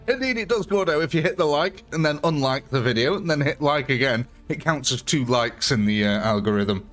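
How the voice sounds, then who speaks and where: A man's voice: fairly high pitch, animated, fairly quick, a bit bright, soft background music. A young man chatting through a live gameplay stream, thanking viewers and talking through his choices.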